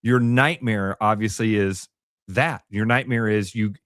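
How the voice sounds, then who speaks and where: A man's voice: on the low side, unhurried, fairly bright tone, no room sound, clean studio sound. A man co-hosting a morning radio show, chatting casually and telling rambling, self-deprecating stories.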